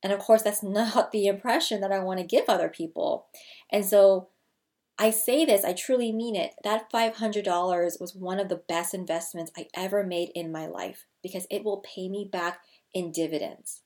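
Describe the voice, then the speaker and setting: A woman's voice: mid-range voice, moderate pace. Woman in her 30s, people skills coach, eager and emphatic, likes to say things twice. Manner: energetic, emphatic, repeats key phrases. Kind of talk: scripted-feeling casual vlog talk to camera.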